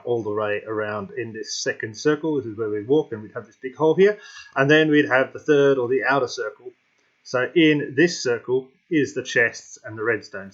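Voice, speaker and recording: A man at an ordinary middle pitch gives casual gameplay commentary and thinks aloud. He rambles with plenty of ums and restarts and keeps hiccuping. The recording sounds a little dull and lo-fi. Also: slightly rough.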